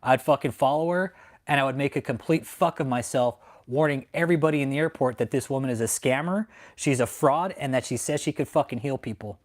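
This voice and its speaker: A man's voice: mid-range voice, fairly quick. Angry profane man ranting live. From Texas. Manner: heated, profane, repetitive. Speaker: channel host. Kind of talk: angry livestream rant. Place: home in San Antonio.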